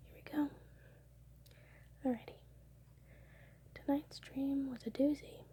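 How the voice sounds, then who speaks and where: A young woman whispering close to the mic at home late at night, telling her dreams in a soft ASMR style and now and then breaking into laughs. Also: a little high, slight background noise. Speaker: ASMR creator.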